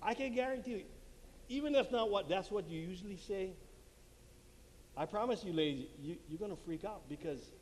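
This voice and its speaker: At a marriage conference in a church hall, a man with a high-sitting, animated, slightly mellow voice talks at a moderate pace, acting out little quotes and laughing at his own jokes. It's a lively talk to a live audience on a handheld mic, with long hall reverb and faint room noise.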